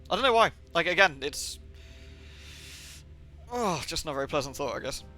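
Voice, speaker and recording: A man's voice: a little high, big pitch swings, normal speed, pushed and bright, soft background music. A young man from England rambling and swearing on a livestream, with lots of filler words. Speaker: streamer. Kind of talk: livestream gaming chat.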